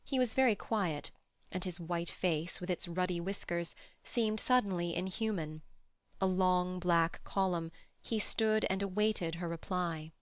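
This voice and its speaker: A woman narrating an audiobook in a measured, even reading. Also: fairly low pitch, clear, resonant tone, dry recording, studio quality. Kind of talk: scripted narration.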